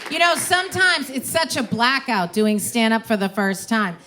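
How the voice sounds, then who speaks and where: A woman's voice: on the high side, big pitch swings, moderate pace. A woman hosting a comedy showcase onstage, rambling and chatty, fond of acting out quotes. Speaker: comedy class instructor and show host. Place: theater stage. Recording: noisy live room recording. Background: audience crowd.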